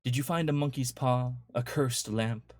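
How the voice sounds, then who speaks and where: A playful, teasing young wife in a spoken horror story, as a male reader puts her on. The voice sits much higher than the reader's own low register, cheeky and quick to mock. It is a close, dry take with no room sound. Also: a little mellow, no room sound, close to an everyday voice.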